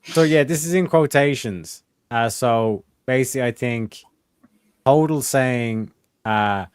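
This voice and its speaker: A young man casually reading old case transcripts aloud to friends, halting with fillers and swearing. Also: medium pitch, clear, resonant tone, no room sound, clean studio sound. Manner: profane, halting, reads with fillers. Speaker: host reading case files.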